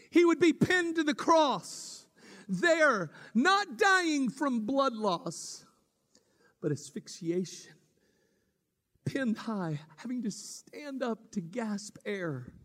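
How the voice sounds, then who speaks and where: Dramatic high-voiced preacher in a big hall. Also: male voice. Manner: dramatic preaching, swinging from shouts to whispers. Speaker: pastor. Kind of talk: sermon.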